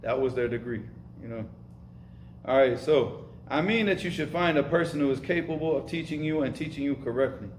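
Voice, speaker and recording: A man's voice: medium pitch, brisk, a little hiss or hum. Casual, emphatic male teacher in an echoey room. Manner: casual, emphatic, repeats words, Arabic terms mixed in. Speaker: Arabic and Islamic studies teacher. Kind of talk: informal lesson with live questions.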